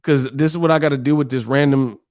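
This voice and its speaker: A man's voice: medium pitch, fairly even intonation, quick pace, darkish tone, no echo, clean studio sound. Profane, exasperated streamer man. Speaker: streamer host. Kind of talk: casual live stream rant.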